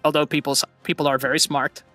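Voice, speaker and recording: Bright-voiced earnest male streamer. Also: on the high side, flat delivery, quick pace, soft background music. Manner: earnest, rambling with restarts and laughs. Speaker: streamer host. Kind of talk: casual chat.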